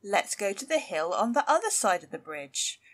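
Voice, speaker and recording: A woman voicing the biggest and strongest male billy goat in a storybook reading, calm and plain. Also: mid-range voice, normal speed. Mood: steady.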